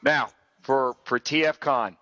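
A man's voice: mid-range voice, slow pace, sharp tone, no echo. A man joking around in a casual podcast chat. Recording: dull lo-fi recording.

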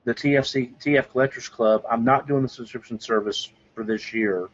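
A man co-hosting a casual podcast, talking with eager, rambling enthusiasm and frequent restarts. His voice is a little husky at a middle pitch. The audio is muffled and lo-fi. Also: fairly even intonation, a little fast. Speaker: podcast co-host. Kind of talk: casual chat.

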